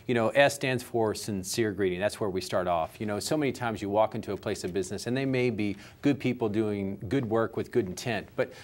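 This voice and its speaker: This man's fairly low voice moves fairly quickly with few pauses as he speaks in an interview as a customer service coach. He gets animated, using everyday examples to explain what he means.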